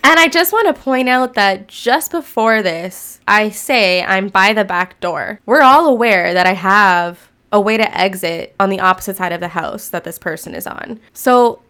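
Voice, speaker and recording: A woman recounts her story in a casual interview, candid and rambling, with casual swearing. Her voice is smooth and clear. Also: medium pitch, normal speed, hardly any pauses, sharp tone. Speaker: guest recounting an experience.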